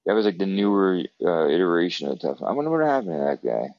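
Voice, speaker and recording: A man's voice: low-pitched, very animated, fast, no echo, muffled recording. A man with a New Jersey accent, co-hosting a podcast in casual, profane, rambling chat. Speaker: podcast co-host.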